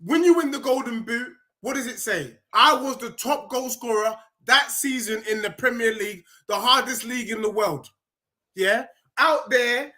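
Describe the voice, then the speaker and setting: Insistent man arguing football, bright voice. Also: very high voice, moderate pace. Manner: insistent, repeats himself to get a word in. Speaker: football podcast guest. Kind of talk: heated football debate.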